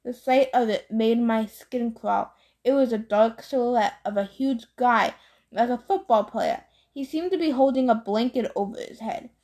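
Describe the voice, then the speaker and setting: A woman reading a novel aloud in a plain, steady storytelling manner. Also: on the high side, normal speed. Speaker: audiobook reader.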